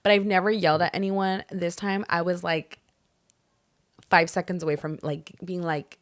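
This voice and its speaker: A woman's voice: lowish voice, flat delivery, normal speed, no room sound, studio quality. A young woman co-hosting a casual podcast, telling stories, swearing freely and acting out what people said. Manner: storytelling, swears freely, acts out quotes. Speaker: podcast co-host. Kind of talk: casual chat.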